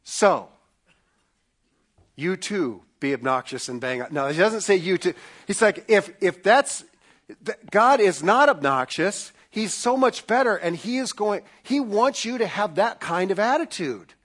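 A man's voice: sits high, lively intonation, unhurried, a bit bright. A man giving an earnest sermon as pastor, often repeating words as he builds his point.

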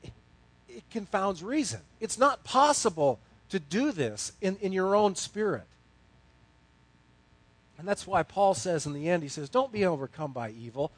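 A male pastor preaching with a high, lively voice that leaps up and drops low. He tells a story, moving from hushed tones to loud bursts. The sound is close and dry, with no room echo. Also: a little slow, long pauses. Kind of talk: sermon.

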